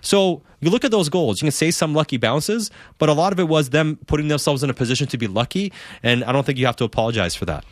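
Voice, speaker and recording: A man's voice: a little high, lively intonation, fast, no echo, clean studio sound. A man hosting a post-game sports call-in show, talking emphatically and asking rhetorical questions. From Canada. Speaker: sports radio host.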